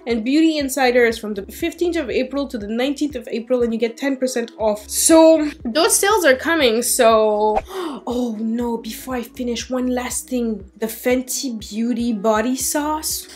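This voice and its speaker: A woman beauty vlogger with a light French-tinged accent, chatting casually and excitably to camera about makeup. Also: fairly high pitch, normal speed. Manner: chatty, excitable, talks herself out of buying.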